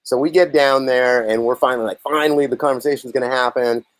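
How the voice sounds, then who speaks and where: A man's voice: mid-range voice, fast talker, dry recording. A man telling stories in a casual interview as a band's lead singer, acting out the lines of the people in his tale. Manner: animated storyteller, acts out others' lines. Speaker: lead singer and songwriter, guest.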